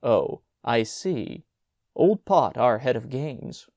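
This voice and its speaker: A man's voice: mid-range voice, very animated, slow pace, gravelly, a little mellow, no echo, clean studio sound, full character voice. A man voicing an easygoing school chaplain who explains things soothingly, in an audiobook story. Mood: friendly. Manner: soothing, reasonable.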